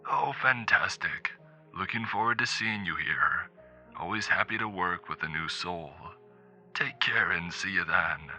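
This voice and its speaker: A man's voice: low voice, measured pace, bright, forceful tone, soft background music, full character voice. A man voicing a polite, enthusiastic man with an old-fashioned lilt, heard over a phone call. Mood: eager, polite. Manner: enthusiastic, courteous.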